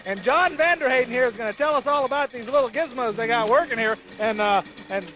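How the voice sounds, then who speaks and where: A wisecracking male TV reporter out at a fair, talking into a handheld mic. His voice sits very high for a man and rings bright and forceful. He keeps his banter playful and loose. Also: quick pace, hardly any pauses. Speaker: roving TV reporter. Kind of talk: jokey on-location fair reporting. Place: outdoors at a county fair.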